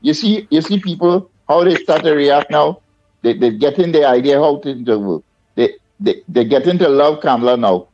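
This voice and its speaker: Brief: pushy Trinidadian caller, slightly high voice, muffled phone. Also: male voice, lively intonation, normal speed, darkish tone, slight background noise. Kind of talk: phone-in call.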